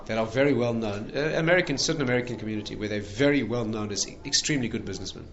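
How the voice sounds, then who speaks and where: In a lo-fi recording, a rabbi with a lowish voice rattles off animated anecdotes at rapid-fire speed. His talk is conversational storytelling, and he laughs at his own punchlines.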